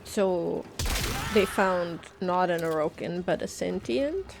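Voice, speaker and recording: A woman's voice: on the low side, animated, slow pace, gravelly, background noise. A woman playing a game in a let's play, chatty, asking questions and joking as she goes. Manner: chatty, asks questions, jokes while playing. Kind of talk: casual gaming chat.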